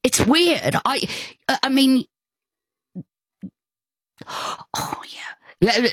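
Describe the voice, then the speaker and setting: An older woman telling a personal story as an interview guest, animated and often breaking off mid-thought. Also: high voice, extremely slow, breathy edge, no echo. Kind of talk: conversational storytelling.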